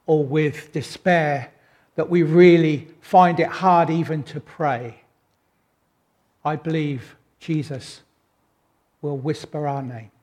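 Man, preacher, sermon, fairly high-pitched, slow, reflective, wry. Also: darkish tone. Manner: unhurried, reflective, with wry self-deprecating asides.

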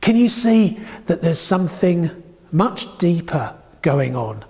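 A man giving a sermon, telling stories with dramatic pauses and a hushed, repeated phrase. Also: fairly high pitch, sing-song, vocal fry. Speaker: preacher. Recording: long hall reverb.

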